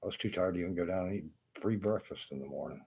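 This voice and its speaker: Here a carpenter talks fast in a low, gravelly voice that's a bit mellow and breathy at the edges. It's a casual rant to camera, bitter and profane, wandering through loose restarts and asides.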